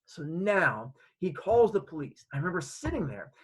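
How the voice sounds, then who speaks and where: Male storyteller, comedic and animated, slightly high husky voice. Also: moderate pace, low-quality recording. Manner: animated, acting out scenes.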